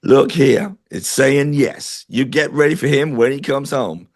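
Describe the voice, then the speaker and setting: A man voicing a bossy Southern American woman who reads a pendulum, with a Southern American accent and a slow drawl. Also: medium pitch, pitched above the performer's own voice, lightly acted.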